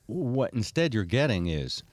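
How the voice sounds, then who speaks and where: Older male host, low, animated, dry studio sound. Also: a little slow, no room sound. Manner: animated storyteller, many fillers. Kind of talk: casual chat.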